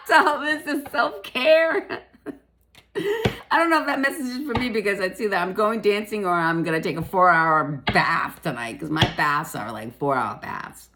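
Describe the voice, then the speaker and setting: A woman giving a casual spiritual tarot reading, chatty and emphatic, laughing often and swearing now and then. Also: background noise. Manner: laughs often, lively pitch swings.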